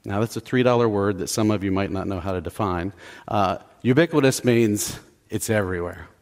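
A man's voice: on the low side, fairly quick. A middle-aged man preaching a conversational sermon in a church, checking in with the congregation and poking fun at himself. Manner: conversational, self-deprecating, repeats "okay?" to the congregation. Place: church sanctuary.

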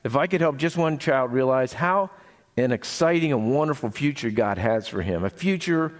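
A man reading the part of a loving mother elephant in a children's story, soft and warm. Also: mid-range voice, animated, moderate pace, voice pushed up, natural voice. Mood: tender.

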